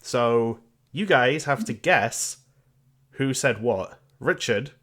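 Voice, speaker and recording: A man's voice: mid-range voice, expressive, slow pace, fairly bright tone. A man hosting a podcast in casual chat, explaining a guessing game with lots of fillers. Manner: loose, filler-heavy, explaining. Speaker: podcast host running a quiz game.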